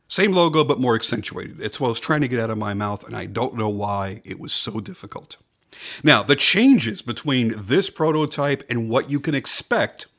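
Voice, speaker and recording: A man's voice: mid-range voice, fairly bright tone. Man giving an emphatic knife review. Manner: enthusiastic, emphatic, repeats points for stress. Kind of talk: casual product review.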